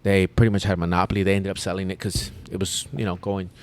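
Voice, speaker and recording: A man, a podcast host telling a long story in casual chat, animated and rambling with restarts. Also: low-pitched, fast talker. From United States.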